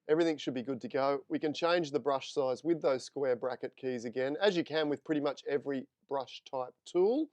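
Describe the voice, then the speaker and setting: A friendly male photography instructor leads a live screen-share lesson, talking steps through and replying to viewers. His voice sits a little high and comes across smooth and crisp. The sound is dry and close, with no room echo. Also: darkish tone.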